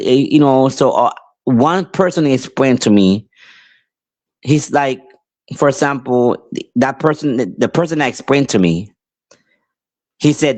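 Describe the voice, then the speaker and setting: Man, podcast host, casual monologue, rambling, restarts, animated outbursts. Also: medium pitch, unhurried, long pauses. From Puerto Rico, raised in New York. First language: English.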